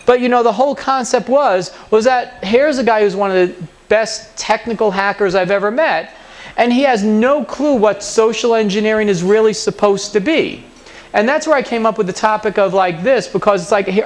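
A man giving a conference talk, telling an anecdote and mimicking the people in it. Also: high-pitched. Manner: animated storyteller, mimics other people's voices in anecdotes. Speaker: conference speaker. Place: conference hall.

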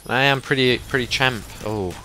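A young man giving excitable live commentary over a shooter game, sometimes swearing at it. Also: mid-range voice, moderate pace, slight background noise. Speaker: gaming commentator.

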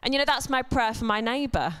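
A woman's voice: fairly high pitch, expressive, fairly quick, a bit bright, smooth. A woman giving a chatty sermon in church, full of humorous asides and self-deprecating jokes. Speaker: church speaker. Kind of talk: conversational sermon. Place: church service before a congregation.

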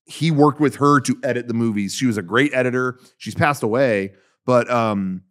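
Speaking in a mid-range, fairly bright voice at normal speed, this podcast co-host chats informally, wandering through his thoughts with plenty of fillers and false starts.

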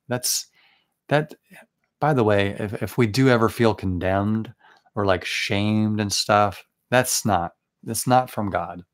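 A young man leading a late-night Bible study, preaching in an earnest, conversational way with frequent restarts and asides. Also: fairly low pitch. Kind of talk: informal sermon.

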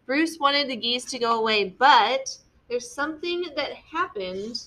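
Young female teacher, bright voice, patient step-by-step classroom explainer. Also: high voice, expressive, a little slow. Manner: patient, explains step by step with frequent "okay?" checks. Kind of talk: classroom lesson on story structure.

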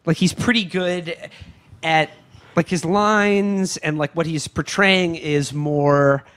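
A man co-hosting a podcast in casual chat, halting and restarting his sentences often. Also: on the high side, steady tone, a bit bright, clean tone. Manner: halting, with frequent restarts and stammered repeats. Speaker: podcast co-host.

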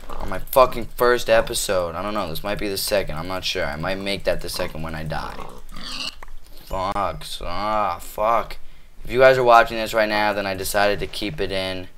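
A man playing a video game on his own channel, swearing constantly and trash-talking the animals in it, switching between shouting and muttering. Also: low-pitched, normal speed, a little hiss or hum. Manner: flips between angry yelling and muttering. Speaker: gamer. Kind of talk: cursing let's play commentary.

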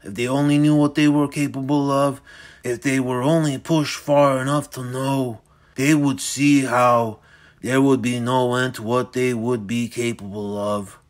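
A man voicing a predatory, deranged old man in a fedora who speaks slowly and tauntingly, relishing every word. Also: medium pitch, level tone, natural voice.

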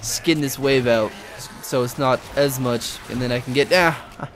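A young man giving live gameplay commentary, excitable and rambling, swearing and yelping often. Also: mid-range voice, a little slow, slight background noise.

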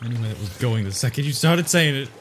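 A man's voice: mid-range voice, animated, fast talker, a bit bright, slight background noise. A man in his twenties co-hosting a casual let's-play, teasing and blunt with his friend. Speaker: co-host of a gaming channel.

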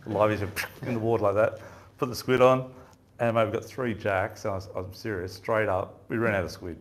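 A man's voice: fairly low pitch, fairly even intonation, brisk. A man giving a fishing seminar, telling rambling stories in a casual chatty way and laughing often. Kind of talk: casual storytelling talk. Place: seminar room with audience.

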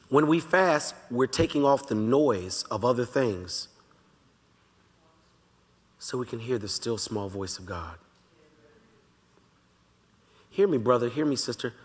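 A pastor teaching a Bible study in a relaxed, conversational way, talking straight to the congregation and slowly repeating his key lines. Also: medium pitch. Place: church sanctuary. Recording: long reverb of a large church hall.

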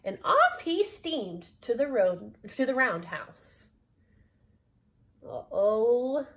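A woman's voice: on the high side, sing-song, extremely slow, a bit bright. A woman reading a children's storybook aloud, adding laughing asides to her listeners. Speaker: storybook reader.

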